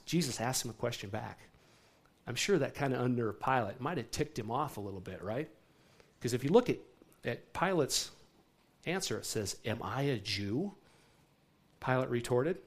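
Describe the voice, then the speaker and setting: In a church hall, a male pastor preaches a sermon in a relaxed, conversational manner at an ordinary pitch. He frequently turns to the congregation with quick questions, often asking "right?"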